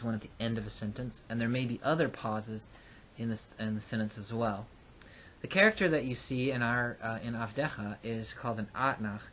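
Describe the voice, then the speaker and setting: A man teaching a recorded lesson, explaining patiently with frequent pauses and fillers. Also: mid-range voice, fairly bright tone, slight background noise. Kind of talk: recorded lecture.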